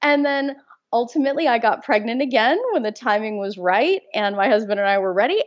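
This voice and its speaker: A woman's voice: a little high, lively intonation, a little fast. Earnest woman coach, slightly dull audio. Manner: earnest, emphatic, laughs while talking. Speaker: guest, fertility mindset coach. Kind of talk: conversational interview.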